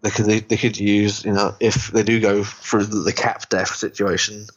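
A man's voice: fairly low pitch, little pitch movement, moderate pace, slightly rough. Rambling man, dull lo-fi sound. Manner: rambling, restarts often. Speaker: podcast co-host. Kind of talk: casual chat.

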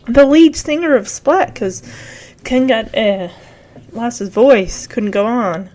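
A woman host giving a casual, animated recap of a TV episode, acting out the characters' lines and saying "like" often. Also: on the high side, takes it slowly. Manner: animated storytelling, acts out characters' lines, frequent "like". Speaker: podcast host.

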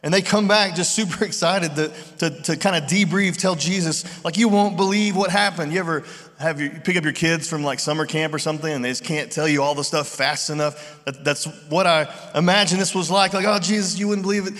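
A man preaching a sermon in a relaxed, conversational way, acting out voices in his retellings. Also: fairly high pitch, brisk. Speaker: pastor. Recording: long reverb of a large hall.

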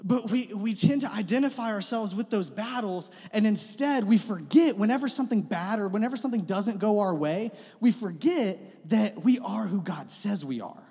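A young man, a pastor, gives a conversational sermon in a church sanctuary, full of self-deprecating humor and repeated phrases. His high-pitched voice is lively, mellow and husky with some creak, moving at normal speed with hardly any pauses. The church hall adds a long reverb.

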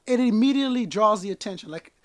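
A man's voice: high-pitched, expressive, quick pace, no room sound. A man hosting a casual hip hop podcast, talking with loose energy, often repeating and restarting his words. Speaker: podcast host.

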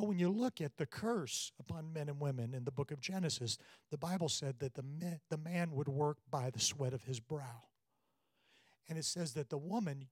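Preaching a sermon, this middle-aged pastor has a voice that runs a little high, and the recording is dry. He shares family-life anecdotes in a storytelling style, becoming animated as he acts out the quoted voices.

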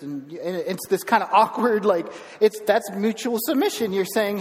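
A man's voice: high-pitched, fairly even intonation, moderate pace, few pauses, long reverb tail. A man preaching a sermon as pastor, conversational, with frequent restarts and asides.

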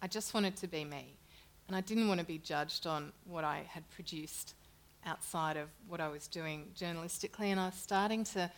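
A middle-aged woman, a journalist appearing as an interview guest, tells stories in a casual chat. She's an animated storyteller who laughs often, speaking at a moderate pace in a voice on the low side.

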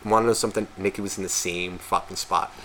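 A man co-hosting a podcast, telling a story in a casual, profane, animated way and acting out quotes. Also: low-pitched, quick pace. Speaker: podcast co-host.

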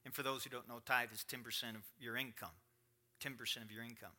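A man's voice: medium pitch, fairly even intonation, quick pace, pushed and bright. A middle-aged man pastor giving a sermon, chatting plainly with the congregation and then building up to emphatic preaching. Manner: conversational, swinging to rising emphatic preaching.

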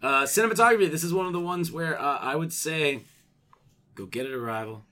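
A man's voice: on the high side, a little fast, background noise. A man co-hosting a podcast, chatting casually about award nominees and sometimes mimicking actors' lines. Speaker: podcast co-host.

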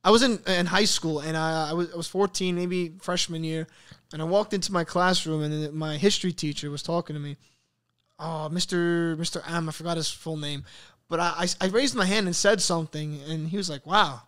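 A man's voice: on the high side, a little fast, clean tone. A young man with a heavy Brooklyn Italian American accent, chatting casually as a podcast guest and laughing often while telling stories. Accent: Brooklyn Italian American New York. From New York. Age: young adult. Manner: laughs often, animated storytelling. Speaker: guest content creator.

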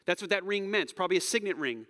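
A man's voice: high-pitched, very fast, in a large hall. A man preaching a sermon in a casual, conversational way, acting out the quotes he reads. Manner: animated, conversational, acts out quotes, drops to soft near-whisper. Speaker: pastor.

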